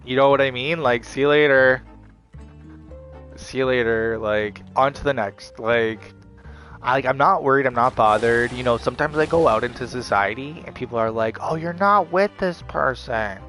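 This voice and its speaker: A man's voice: mid-range voice, steady tone, normal speed, a bit bright, faint music behind. A man giving a rambling, defiant monologue, leaning on "like" and "you know" fillers. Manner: defiant, mocking.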